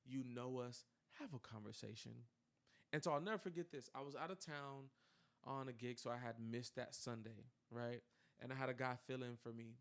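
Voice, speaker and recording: A young man telling a personal story in casual chat, animated and full of fillers, acting out quoted dialogue. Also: mid-range voice. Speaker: podcast co-host telling his story.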